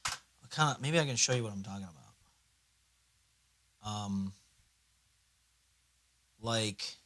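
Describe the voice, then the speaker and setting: A man's voice: mid-range voice, bright, forceful tone. A young man chatting casually on a livestream, rambling and swearing, sometimes talking himself through his computer setup. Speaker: streamer.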